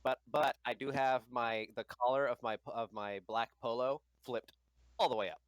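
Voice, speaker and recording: A man's voice: mid-range voice, steady tone, moderate pace, dry recording. A man playing a tabletop game, describing his character in a rambling way with many restarts. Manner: rambling, full of restarts and fillers. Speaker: player. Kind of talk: casual tabletop game chat.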